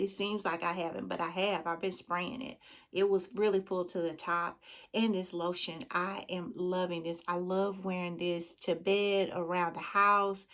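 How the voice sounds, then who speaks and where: A Southern woman talking straight to her viewers in a relaxed, informal vlog. She keeps calling them friend and girl, and her pitch sits right in the middle for a woman. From Southern United States. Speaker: beauty vlogger. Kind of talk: casual chat.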